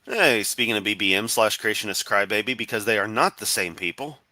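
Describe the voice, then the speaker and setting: A man's voice: on the low side, lively intonation, a little fast, sharp tone, no room sound. A man giving sarcastic, profane, rambling commentary on a live stream.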